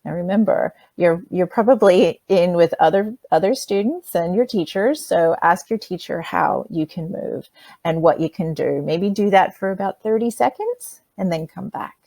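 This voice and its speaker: A woman's voice: on the low side, moderate pace, vocal fry, warm tone, no room sound. Patient woman teaching kids to breathe. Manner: patient, plain, speaks directly to children; demonstrates by breathing sounds. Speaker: presenter teaching children. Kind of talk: children's workshop lesson.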